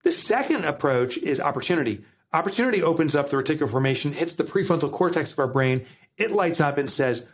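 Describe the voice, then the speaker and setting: A man with a New Jersey accent, a guest author on a podcast, telling stories with animated, acted-out quotes. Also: on the high side, quick pace, slightly rough. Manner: animated storytelling, acts out quotes. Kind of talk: podcast interview.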